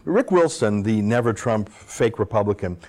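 A man's voice: fairly low pitch, lively intonation, normal speed, a little mellow. Sarcastic male political commentator. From Canada. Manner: sarcastic, mocking asides and rhetorical questions. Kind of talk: opinionated monologue commentary.

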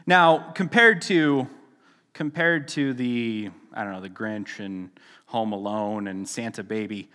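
A male pastor gives a relaxed, chatty sermon, cracking jokes and stumbling over his own words. His voice sits at an ordinary pitch. It rings out with a long reverb through the church hall. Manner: chatty and joking, with frequent restarts and laughs. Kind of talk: casual sermon. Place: church sanctuary.

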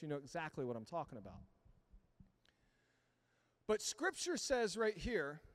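A man in his thirties with a high voice preaches in a conversational, storytelling way. He keeps asking the congregation to answer him. The sound rings with the long reverb of a church hall. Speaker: pastor. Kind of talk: sermon. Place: church sanctuary.

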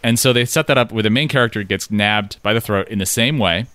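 A man's voice: lowish voice, a little fast, dry recording. A man chatting casually as a co-host, rambling with fillers, swearing and laughing as he critiques. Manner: rambling, profane, animated with laughs.

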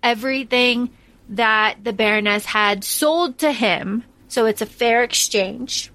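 A woman's voice: a little high, slow, sharp tone. A young adult woman co-hosting a podcast in casual chat, blunt and emphatic, swearing freely. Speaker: podcast co-host.

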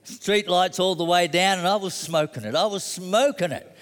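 A man's voice: high-pitched, normal speed, a bit bright, big-room sound. A middle-aged man preaching a sermon, telling a personal story conversationally and building to emphatic declarations.

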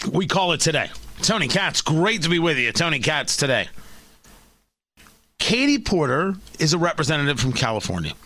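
Talk radio guy ranting, high lively voice, bright and dry, sarcastic. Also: dry recording. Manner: emphatic, opinionated, sarcastic.

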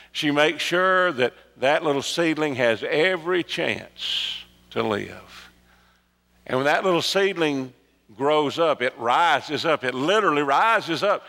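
A man preaching a sermon, telling a story that swings from loud emphatic peaks to soft hushed asides. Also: mid-range voice, creaky. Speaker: pastor. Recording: long hall reverb.

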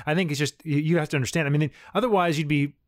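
A man's voice: fairly high pitch, racing, dry recording. Emphatic man, dry close mic. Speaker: podcast co-host. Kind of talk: casual chat.

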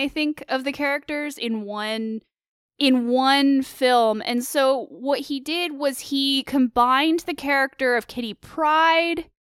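A woman co-hosting a casual film discussion, animated and opinionated with quick asides. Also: sits high, no room sound, clean studio sound. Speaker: co-host of a film discussion show. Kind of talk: casual film commentary chat.

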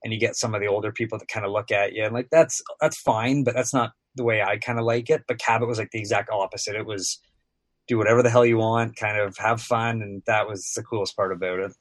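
A man's voice: on the low side, fairly even intonation, quick pace, no room sound. A sports broadcaster guest, a man in his thirties, telling casual stories on a podcast, rambling with lots of filler words.

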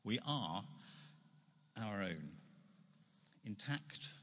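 Husky-voiced man giving a reflective talk. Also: fairly low pitch, animated, extremely slow, pushed and bright. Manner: earnest, reflective, emphatic. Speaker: speaker, author. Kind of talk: religious talk to an audience. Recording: long hall reverb.

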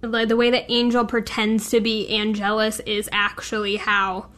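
A woman co-hosting a casual chat about a TV episode, speaking slowly and often answering with short agreeing replies. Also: fairly high pitch, monotone, fairly bright tone. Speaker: podcast co-host.

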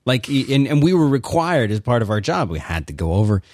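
A man and father co-hosting a casual podcast chat, answering in an earnest, somewhat rueful and measured way. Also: medium pitch, big pitch swings, darkish tone, no room sound, studio quality. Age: adult father. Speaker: podcast co-host.

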